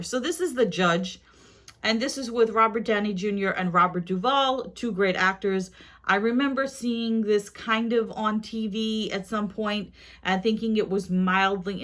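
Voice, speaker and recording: Woman talking through her dollar store haul, chatty, wanders off topic, mid pitch. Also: fairly bright tone. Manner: chatty and rambling, with asides to viewers. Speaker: haul vlogger. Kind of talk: casual haul chat to viewers.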